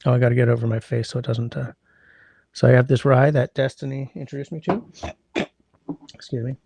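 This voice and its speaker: Gravelly man chatting with livestream viewers. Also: mid-range voice, fairly even intonation, brisk, dark tone, no room sound. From Canada. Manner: rambling, greets chatters by name, hums while scrolling. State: congested sinuses. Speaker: livestream host. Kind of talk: casual livestream chat with viewers. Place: indoors at home.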